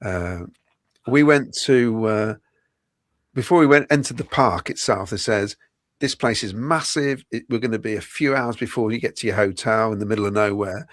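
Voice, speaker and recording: A man's voice: fairly low pitch, normal speed, dry recording, clean studio sound. A middle-aged man hosting a podcast, telling a story in casual chat and laughing often mid-sentence. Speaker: podcast host.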